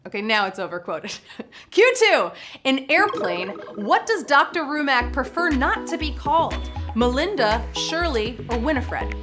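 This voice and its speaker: A woman hosting a live trivia game show, playful and excitable, giggling between chatty asides. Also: high voice, measured pace, over music. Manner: upbeat and excitable.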